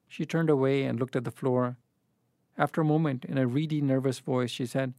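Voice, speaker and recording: A man giving a literary fiction reading in a measured, even way. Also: mid-range voice, dry recording, studio quality. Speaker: reader.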